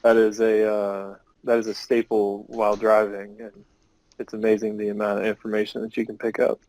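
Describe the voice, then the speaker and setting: A man talking casually on a podcast as a league member, relaxed and hedging. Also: on the low side, moderate pace, no room sound, rough recording. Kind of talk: casual chat.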